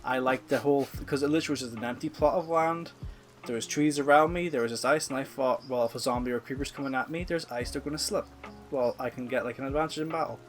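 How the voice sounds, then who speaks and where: A young man co-hosting a casual podcast chat, telling stories with lots of animated quoted lines. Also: medium pitch, quick pace, soft background music. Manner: animated storyteller who acts out quoted lines. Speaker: podcast co-host.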